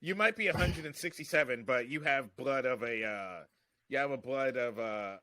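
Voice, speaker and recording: Very bright-voiced man telling it animatedly. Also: mid-range voice, moderate pace, dry recording. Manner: animated, rambling storytelling with restarts. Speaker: comedian, podcast guest. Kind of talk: casual chat.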